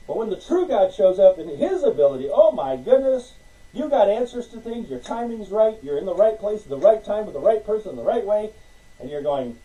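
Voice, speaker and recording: Man, preacher, sermon, animated, high voice, mellow dark tone, distant mic. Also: fairly quick. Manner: animated, acts out conversations with God, laughs often.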